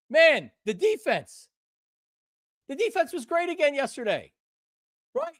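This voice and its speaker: An older man hosting a live sports talk stream, passionate and emphatic, repeating himself and at times breaking into shouts. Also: very high voice, wildly swooping pitch, measured pace, long pauses, no echo, studio quality. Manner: bursts into shouting. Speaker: sports show host.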